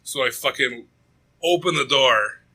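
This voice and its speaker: Husky, bright-voiced man telling stories. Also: mid-range voice, a little slow, rough recording. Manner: profane, rambling and animated. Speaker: podcast co-host. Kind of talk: casual storytelling chat.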